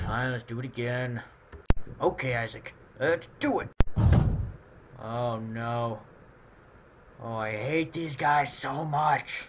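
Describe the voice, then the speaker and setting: A man giving jokey, excitable commentary while playing a video game. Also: medium pitch, takes it slowly, long pauses. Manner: excitable, jokey, frequent outbursts. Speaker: gameplay commentator. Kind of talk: let's play commentary. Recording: loud background noise.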